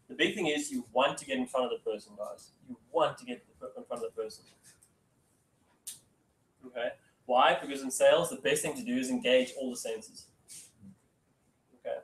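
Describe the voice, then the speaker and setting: A man's voice: medium pitch, expressive, normal speed, pauses often. Guy giving a casual sales training, lots of okays, echoey room, far from the mic. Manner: chatty, says okay often, acts out phone calls.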